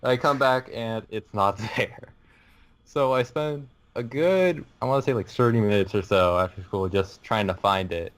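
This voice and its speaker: A man's voice: fairly low pitch, normal speed. A teenage boy on a podcast telling a long rambling story, laughing through it and restarting his sentences. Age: teens. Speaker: podcast co-host. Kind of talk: casual storytelling chat.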